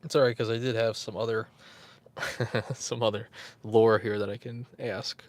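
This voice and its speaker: A man's voice: fairly low pitch, little pitch movement, measured pace, no echo. A man hosting a casual livestream, rambling, chuckling and answering viewers in the chat. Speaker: YouTube host.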